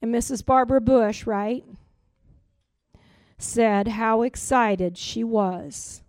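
A woman preaching, telling a spiritual testimony in an earnest storytelling way, sometimes trailing off quietly. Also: fairly high pitch, slow, long pauses, dry recording. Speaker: prophetic speaker. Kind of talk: sermon testimony.

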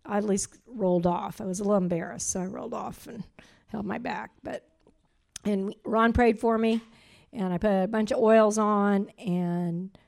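A middle-aged woman giving a heartfelt church testimony and spoken prayer, earnest and rambling, growing animated as she gives thanks. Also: a little slow, vocal fry. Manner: earnest, rambling, grows animated and rises in pitch when praising.

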